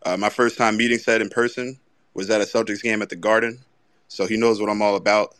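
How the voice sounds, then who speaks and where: Deep-voiced easygoing co-host man. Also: flat delivery, fairly bright tone, no room sound. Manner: easygoing, many "um" pauses. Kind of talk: casual sports chat.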